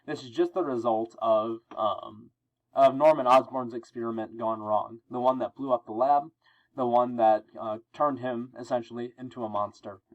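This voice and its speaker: Relaxed man teaching a comic reading. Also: mid-range voice, normal speed, muffled recording. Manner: explanatory, relaxed, many fillers. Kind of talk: reading and explaining a comic book.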